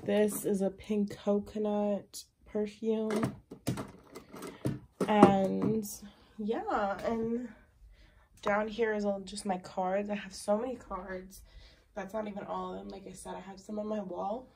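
Young woman beauty vlogger, unhurried rambling chatter, home recording with audible noise. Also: medium pitch, little pitch movement, creaky, warm tone. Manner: chatty, rambling, lots of fillers and likes. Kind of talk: casual makeup collection tour.

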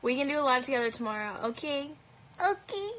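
Talking very fast in a high, slightly bright voice, a woman with a light Canadian accent answers livestream comments on a phone held at arm's length. She's casual, blunt, and profane, saying "um" and "like" a lot, and the recording is rough.

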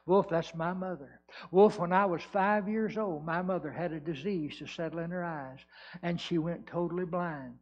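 A man preaching, voicing a grateful grown daughter whose blind mother was healed, earnest and rising to shouted praise. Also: fairly high pitch, moderate pace, lightly acted. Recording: dull lo-fi church recording.

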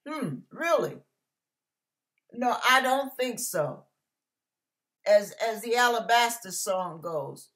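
A woman's voice: mid-range voice, big pitch swings, slow, bright, forceful tone. A middle-aged woman preaching an emphatic, fiery, folksy sermon.

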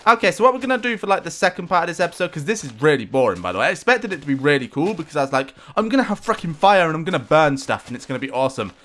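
A man giving excitable, self-mocking let's-play commentary, talking back to the game with sudden outbursts. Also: fairly high pitch, rapid-fire, few pauses. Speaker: gameplay commentator.

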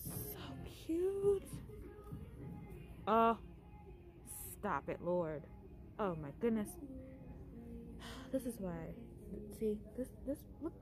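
A woman's voice: on the high side, animated, slow, long pauses. A woman vlogging while she shops, gushing and exclaiming over baby items as a mom. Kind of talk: casual shopping vlog. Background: music.

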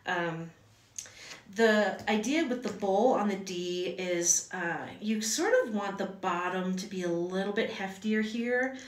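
A woman's voice: mid-range voice, a little slow, far from the mic. Lady teaching lettering on a home livestream, rambly and chatty, sounds a bit off-mic in an echoey room. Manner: chatty, rambling, many fillers and restarts. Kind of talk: casual livestream lesson.

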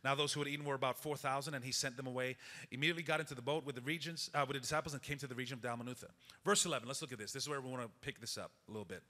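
A man preaching a sermon and reading scripture, repeating phrases for emphasis and dropping to a hushed, intense tone. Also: medium pitch, rapid-fire, big-room sound. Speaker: pastor.

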